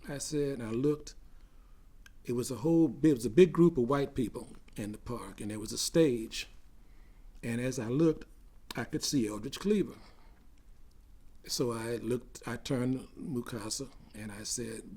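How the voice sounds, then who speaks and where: An older man recounting memories in an oral history interview, growing animated as he tells a story. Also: mid-range voice, a little slow, pauses often.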